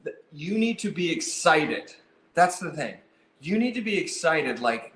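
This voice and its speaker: A man's voice: on the high side, fairly bright tone, echoey room. A man teaching piano technicians about customer service, talking with energy and acting out phone calls and visits. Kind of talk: instructional talk.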